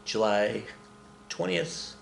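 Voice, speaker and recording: A man's voice: lowish voice, lively intonation, drawn-out words, creaky, reverberant, slight background noise. A man in his fifties teaching a casual history lesson, chatty and joking, with frequent self-corrections.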